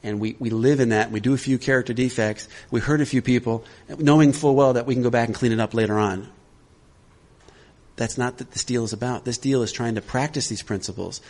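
A man leading a recovery workshop in an easygoing, conversational way. His voice sits at an ordinary middle pitch, and he keeps checking in with his listeners as he talks. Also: fairly even intonation, a little fast, a little mellow. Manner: conversational, checks in with "all right?". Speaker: workshop leader.

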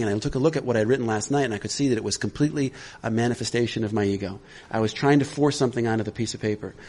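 A man leading a recovery workshop in an easygoing, conversational way. His voice sits at an ordinary middle pitch, and he keeps checking in with his listeners as he talks. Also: darkish tone. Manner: conversational, checks in with "all right?". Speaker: workshop leader.

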